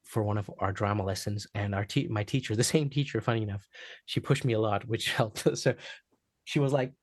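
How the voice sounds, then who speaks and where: A man's voice: lowish voice, a little fast, no room sound, studio quality. A man guest on a podcast, telling a personal story in a casual interview and acting out the quotes. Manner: animated storyteller, acts out quotes, laughs often. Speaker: podcast guest, actor and singer.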